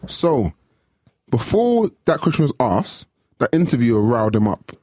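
Man, argumentative, lively husky voice. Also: mid-range voice, normal speed, no echo, clean studio sound. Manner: argumentative, challenging. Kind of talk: casual group chat.

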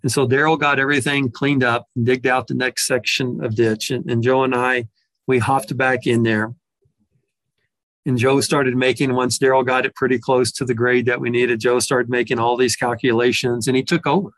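A man's voice: mid-range voice, level tone, moderate pace, fairly bright tone, dry recording. A man telling a personal story in a reflective way, often restarting and repeating words as he goes.

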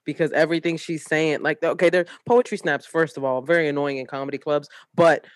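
A woman's voice: low-pitched, steady tone, brisk, no echo. A woman co-hosting a podcast over a video call, joking in playful, mock-threatening banter. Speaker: podcast co-host. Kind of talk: casual chat.

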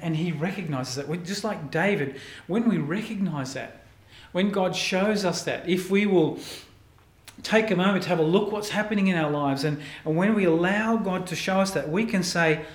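A male pastor preaching a sermon in an earnest way, often repeating words and dropping softly into prayerful lines. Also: sits high, normal speed, echoey room.

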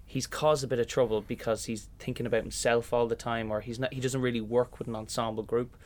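A man's voice: mid-range voice, level tone, fast talker. A young Irish man, a musical theatre actor, chatting in an interview and acting out little voices in his stories. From Ireland. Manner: chatty storyteller, acts out voices in anecdotes. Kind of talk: casual interview chat.

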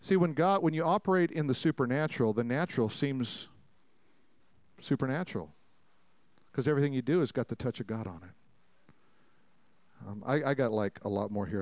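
A pastor preaching a sermon to a congregation, telling stories with jokes and acted-out voices, swinging between loud preaching and quiet asides. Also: male voice, mid-range voice, expressive, brisk, pauses often, dry recording. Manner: folksy, jokey storytelling with acted-out quotes. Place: church sanctuary before a congregation.

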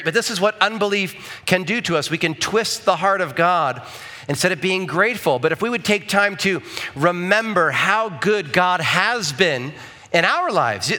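A man's voice: sits high, sharp tone. A male pastor preaching a conversational sermon in church, often checking in with the congregation with asides.

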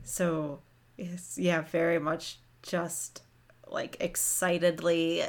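A woman's voice: lowish voice, flat delivery, slow pace, a crowd in the background. A woman player in casual podcast chat, hesitant and full of fillers, giggling now and then.

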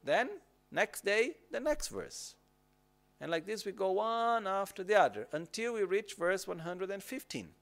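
Calm guy teaching meditation, kinda high voice, keeps asking "okay?". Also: measured pace, gravelly. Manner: calm, repetitive instructive phrasing, checks in with "okay?". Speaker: Buddhist teacher. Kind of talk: dharma teaching on retreat.

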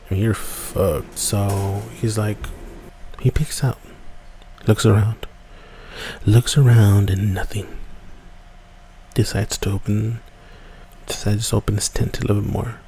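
A man casually telling a spooky woods story, rambling and dropping to hushed whispers at tense moments. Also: lowish voice, measured pace, pauses often, slight background noise. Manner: relaxed, rambling, drops to hushed whispers for tension. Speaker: podcast storyteller.

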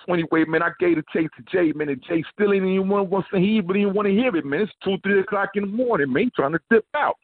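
A man's voice: high-pitched, fast talker, hardly any pauses, no room sound. A man, casually telling stories as a guest, filling his talk with "man" and "you know what I'm saying". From New York. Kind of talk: casual storytelling. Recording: tinny phone line.

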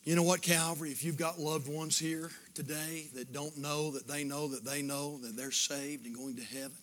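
A man pastor, preaching a sermon that swings from shouted fervor to hushed pleading in an altar call. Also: a little high, steady tone, normal speed.

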